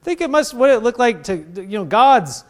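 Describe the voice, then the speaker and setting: Pastor guy preaching, kinda high voice, swings all over the place, plays out little back-and-forths. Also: moderate pace. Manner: animated preaching, acts out voices of God and people. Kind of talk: sermon.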